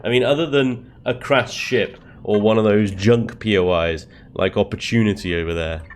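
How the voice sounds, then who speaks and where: A man's voice: lowish voice, normal speed, slight background noise. A young man hosting a let's play, giving gameplay commentary and reacting with exasperated swearing and laughter at his own mishaps.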